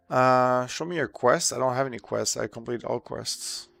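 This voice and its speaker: A man with a slightly sore throat, chatting casually with viewers while streaming a game, relaxed and full of fillers. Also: medium pitch, vocal fry, no room sound. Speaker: streamer answering chat questions. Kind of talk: casual live-stream chat while gaming.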